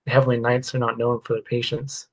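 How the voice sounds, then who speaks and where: A man's voice: medium pitch, completely flat delivery, fast talker, poor audio. A man reading his own work-in-progress story aloud in first person, plainly, with occasional stumbles and self-corrections.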